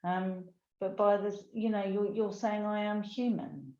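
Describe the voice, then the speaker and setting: A woman's voice: mid-range voice, fairly even intonation, mellow. Heartfelt older woman in an echoey room. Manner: heartfelt, emotional, unhurried. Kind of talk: casual conversation. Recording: echoey room, dull lo-fi sound.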